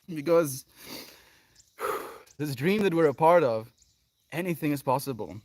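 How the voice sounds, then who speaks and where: A man's voice: a little high, lively intonation, measured pace, long pauses, a little mellow, dry recording. A man hosting a daily livestream in an emotional, effusive chat, often sighing and laughing as he thanks viewers. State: emotional, near tears. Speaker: livestream host.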